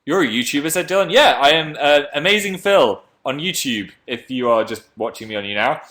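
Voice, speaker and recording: A man's voice: lively intonation, a little fast, sharp tone. Young male livestreamer, slight northern English lilt, playful and chatty, casual webcam chat. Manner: chatty and playful, jumps into silly high voices. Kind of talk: casual livestream chat answering viewer comments.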